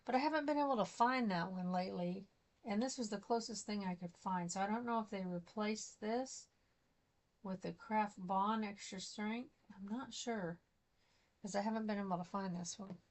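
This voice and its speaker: A middle-aged woman, a craft vlogger, chats casually while working on a craft project. Her voice is medium-pitched and her speed normal, and she rambles and laughs often.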